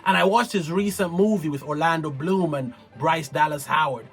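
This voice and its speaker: A man's voice: a little high, normal speed, soft background music. A man talking casually and animatedly in slangy commentary, recapping a TV show. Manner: animated, slangy, acts out others. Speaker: TV recap vlogger.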